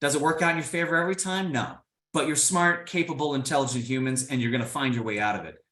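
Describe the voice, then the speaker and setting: A man's voice: medium pitch, fast, roomy sound. A man from Indiana giving a motivational keynote talk, playful and speaking straight to his audience. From Indiana, United States. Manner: animated, playful, addresses the audience directly.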